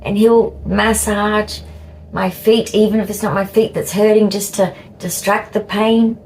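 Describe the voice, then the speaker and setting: An Australian woman in her fifties vlogging in a halting, repetitive way with cheeky asides. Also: mid-range voice, fairly even intonation, darkish tone, a little hiss or hum, poor audio. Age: 50s. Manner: slow, halting, repeats words, cheeky asides. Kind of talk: casual talk to camera.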